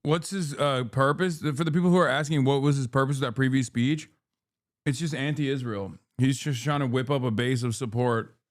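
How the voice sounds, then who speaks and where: A man's voice: mid-range voice, fairly even intonation, moderate pace. A man hosting a stream, giving blunt, profane political commentary in casual chat. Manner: blunt, profane, opinionated, with fillers like "like" and "okay?". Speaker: streamer host.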